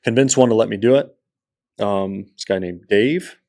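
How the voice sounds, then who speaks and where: A man, an entrepreneur guest on a podcast, telling his story in a lively way and acting out the people in it. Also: fairly low pitch, moderate pace. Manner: animated storyteller who acts out quoted people. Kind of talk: storytelling interview.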